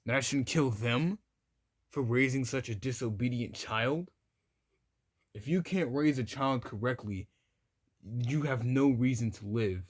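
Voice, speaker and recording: A man voicing a ruthless young male ghoul ninja leader who makes slow, measured threats. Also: medium pitch, dry recording, studio quality, close to an everyday voice. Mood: menacing.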